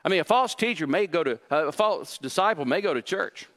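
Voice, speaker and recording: A man pastor preaching a sermon, animated and acting out quoted voices, often repeating words for emphasis. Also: brisk. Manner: animated, acts out quoted voices with rising pitch; repeats words when stressing a point.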